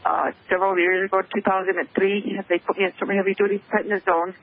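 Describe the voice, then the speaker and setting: A woman calling into a radio talk show, emotional and tearful, speaking haltingly over a muffled phone line. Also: medium pitch, little pitch movement. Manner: halting, hesitant speech. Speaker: caller. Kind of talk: call-in radio conversation.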